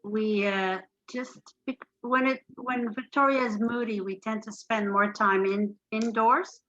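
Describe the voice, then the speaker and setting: A woman's voice: on the high side, steady tone, measured pace, fairly bright tone. A woman guest on a video call, giving cheerful, brief replies. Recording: dull, lo-fi video call audio.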